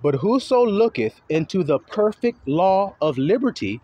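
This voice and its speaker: In dull-sounding audio, a male preacher with a fairly high, dark-toned, sing-song voice teaches scripture at a moderate pace. His casual lesson is peppered with profanity, and he lingers over each verse he reads.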